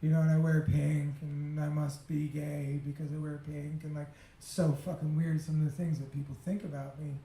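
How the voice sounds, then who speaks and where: A man with a fairly high voice tells a confessional personal story, full of profanity and quick laughs. His talk is emotional and unfiltered. The sound is roomy, with a clear echo around him. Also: level tone, mellow. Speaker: speaker sharing a personal story.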